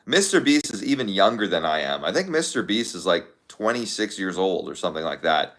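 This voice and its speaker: A man's voice: sits low, very animated, a little fast, a bit bright. A young man casually chatting to his viewers, thinking aloud in a rambling way with lots of fillers. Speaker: content creator.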